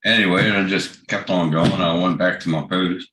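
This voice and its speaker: A man's voice: low-pitched, fairly even intonation, normal speed, pushed and bright. A man hosting a livestream, chatting casually, swearing a lot and telling work stories loosely. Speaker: livestream host. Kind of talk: casual chat. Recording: roomy echoey sound.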